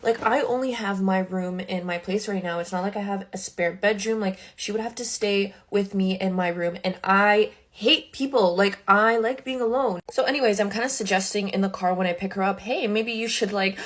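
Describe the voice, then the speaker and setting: A woman's voice: medium pitch, normal speed, hardly any pauses. A young adult woman, a social media creator, telling a casual storytime from her bedroom makeup table, chatty and full of "like" with indignant asides.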